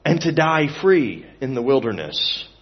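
A man preaching a sermon in an earnest, expressive way, moving from emphatic to hushed. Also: medium pitch, a little slow, husky, dull audio.

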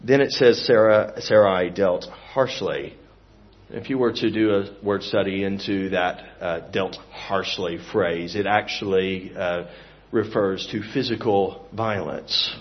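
A man's voice: low-pitched, slow. Earnest male preacher, dull lo-fi sound. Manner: earnest, expressive, swings from emphatic to hushed. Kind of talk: sermon.

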